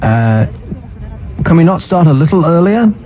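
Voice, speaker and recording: Sardonic radio host, lively pitch. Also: male voice, normal speed, soft background music. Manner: sardonic, ranting, mocking. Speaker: radio talk show host. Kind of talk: casual on-air banter. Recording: muffled radio broadcast.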